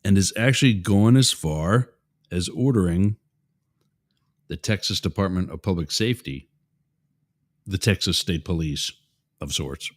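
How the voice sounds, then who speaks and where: A man's voice: deep voice, unhurried, long pauses. A man hosting a show, giving opinionated political commentary in a rambling, digressive way with asides to his listeners. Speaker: show host.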